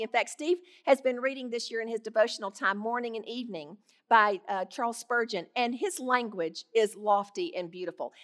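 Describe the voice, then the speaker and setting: A middle-aged woman giving devotional Bible teaching in an earnest, gently conversational way. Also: fairly high pitch.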